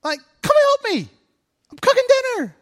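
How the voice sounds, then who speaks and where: A man voicing an exasperated, busy woman who shouts for help in the kitchen, in a high, fussy voice. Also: huge pitch swings, moderate pace, full character voice.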